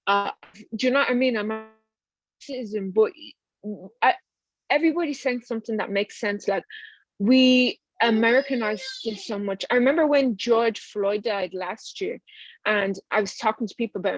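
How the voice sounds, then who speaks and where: A woman's voice: mid-range voice, no room sound. A woman in her thirties with a Dublin accent, speaking earnestly and conversationally as a panelist on a video call. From Ireland. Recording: dry, dull video-call audio.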